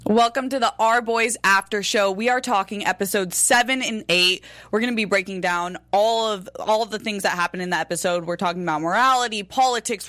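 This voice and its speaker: A woman's voice: medium pitch, fairly bright tone. A woman hosting a TV recap podcast, upbeat and chatty with her panel. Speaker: podcast host. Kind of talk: casual panel chat.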